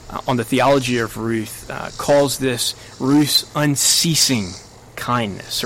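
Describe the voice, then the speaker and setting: A man's voice: a bit bright, a little hiss or hum, low-quality recording. Earnest male preacher, faint crickets behind. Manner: earnest, rising pitch on quoted lines. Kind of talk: sermon.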